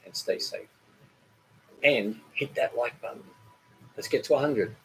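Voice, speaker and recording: A man's voice: mid-range voice, a little slow, a little hiss or hum, poor audio. A man, hosting a casual live cooking chat, rambling and joking as he reads viewer comments. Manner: rambling and chatty, with many fillers and joking asides. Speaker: cooking channel host.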